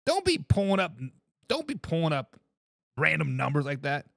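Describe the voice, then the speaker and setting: A man hosts a sports talk live stream, reading out viewer comments and ribbing the people who sent them. His voice sits high and swings widely in pitch, keeping him excitable and animated. The sound is close and dry, with no room around it. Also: moderate pace, vocal fry, no echo. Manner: excitable, laughs and repeats himself, teases commenters. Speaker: sports talk show host.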